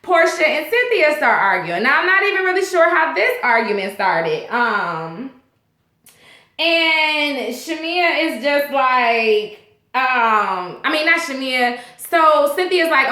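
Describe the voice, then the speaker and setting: A chatty woman vlog host recaps a TV episode in a loose, rambling way, full of ums and restarts. Her voice is bright and sits a little high. The sound comes from a roomy, echoey space. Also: very animated, takes it slowly. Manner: chatty, rambling, many fillers. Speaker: TV show reviewer, vlog host.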